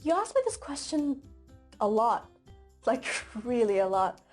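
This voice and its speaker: A woman's voice: a little high, sing-song, unhurried, a little mellow, faint music behind. A young woman whose first language is Persian, speaking English with an American accent in a casual, chatty vlog to her viewers. She talks with frequent fillers and a joking tone. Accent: American English, non-native. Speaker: English-learning vlogger. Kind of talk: casual talk to camera.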